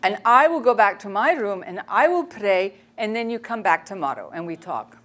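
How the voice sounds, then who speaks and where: Woman doing a sweet firm old nun, slow broken english, gentle. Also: medium pitch, very animated. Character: elderly nun, kindly and firm.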